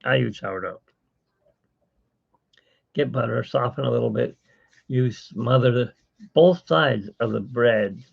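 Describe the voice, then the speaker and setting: A man's voice: medium pitch, slow, gravelly, long pauses, slightly rough. A man hosting a casual live-stream chat, rambling and self-mocking with corny jokes. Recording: dull lo-fi stream audio.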